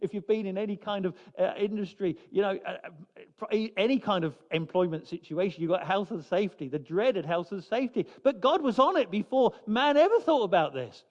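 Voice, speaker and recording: A man preaching a sermon in a church, building slow emphatic phrases and dropping suddenly soft. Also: high voice, animated, big-room sound, dull audio. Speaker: pastor.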